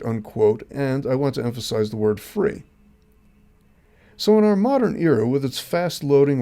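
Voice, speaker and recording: A man's voice: mid-range voice, warm tone. A man hosting his own show, reading scripted commentary in an earnest, emphatic way with rhetorical questions. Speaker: host.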